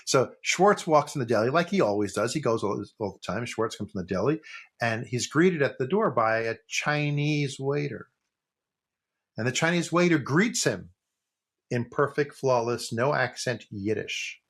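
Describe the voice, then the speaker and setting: A man's voice: mid-range voice, lively intonation, moderate pace, husky. A man co-hosting a casual podcast, rambling and joking as he tells stories. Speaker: podcast co-host. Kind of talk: casual chat.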